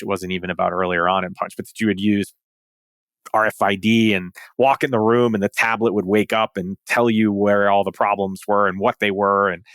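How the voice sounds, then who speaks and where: Low-voiced man, rambling founder story. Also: fairly bright tone, dry recording. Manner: rambling, full of restarts and fillers. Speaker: startup founder and guest. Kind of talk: casual interview talk.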